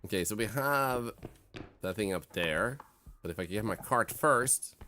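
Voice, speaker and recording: A man's voice: fairly low pitch, animated, a little slow, bright, forceful tone, a little hiss or hum. A Swedish man streaming a game in English, rambling and joking with his chat. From Sweden. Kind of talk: casual live-stream chat.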